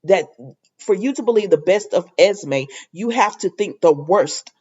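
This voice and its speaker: A woman hosting a casual soap opera recap, chatty and animated, laughing as she retells scenes in quoted dialogue. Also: mid-range voice, unhurried, slightly rough, highs cut off.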